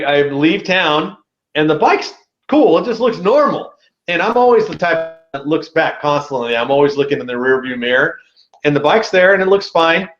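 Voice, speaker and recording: A man as a podcast guest telling a story in a casual, animated way, with a lot of slang. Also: a little high, echoey room, highs cut off.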